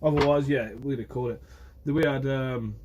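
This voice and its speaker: A man's voice: medium pitch, steady tone, moderate pace, a little mellow, muffled recording. A young man from Guernsey, a fisherman chatting casually on a phone live stream and answering viewers by name. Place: outdoors by the shore.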